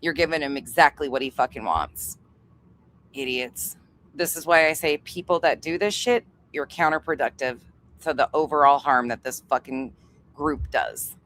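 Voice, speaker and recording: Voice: mid-range voice, moderate pace, fairly bright tone. A channel host giving blunt, exasperated commentary while reacting to a clip, swearing freely.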